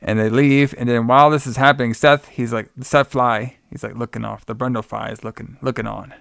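A man's voice: medium pitch, steady tone, brisk, vocal fry, a bit bright, no echo, clean studio sound. A man co-hosting a podcast, casually retelling a movie plot in a rambling way full of fillers. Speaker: podcast co-host. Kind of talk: casual movie review chat.

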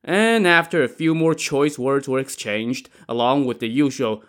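A man narrating a classic story on his podcast, with a wry and conversational touch. His voice sits at an ordinary middle pitch, and his delivery is scripted yet relaxed. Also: moderate pace, few pauses.

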